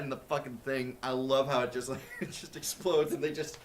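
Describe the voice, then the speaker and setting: A man's voice: mid-range voice, fairly even intonation, fairly quick, slight background noise. Laid-back, swearing young man. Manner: laid-back, profane, enthusiastic. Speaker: podcast co-host. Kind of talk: casual chat.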